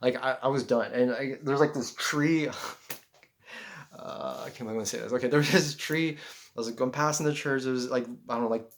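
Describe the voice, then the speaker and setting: A man's voice: medium pitch, fairly quick. A young man telling a personal story in a casual, rambling way, full of fillers, restarts and swearing.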